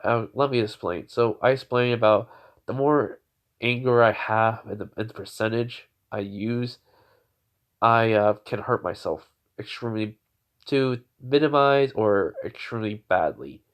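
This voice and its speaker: A man improvising a fan story, rambling and halting with many fillers, on a dull lo-fi recording. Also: fairly low pitch.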